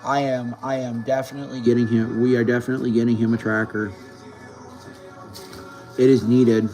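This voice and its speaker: A man's voice: medium pitch, little pitch movement, fast talker, darkish tone, low-quality recording. A man talking casually to camera in a rambling way, stumbling, repeating words and swearing as he goes. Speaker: vlogger. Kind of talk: casual vlog talk. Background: faint music.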